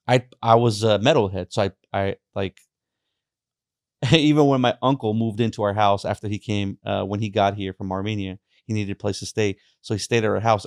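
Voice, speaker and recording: A young man, a podcast guest, telling his personal faith story in a halting way, with many restarts and fillers. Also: lowish voice, no echo, studio quality.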